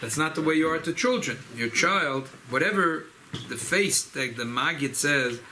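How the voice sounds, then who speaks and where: A rabbi, speaking informally at a farbrengen gathering, often repeating and restarting phrases. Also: male voice, on the high side, expressive, normal speed, bright, forceful tone, slight background noise, rough recording. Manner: repetitive, restarts phrases, mixes Yiddish and Hebrew terms. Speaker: rabbi giving a farbrengen talk. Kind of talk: informal Chassidic talk at a gathering.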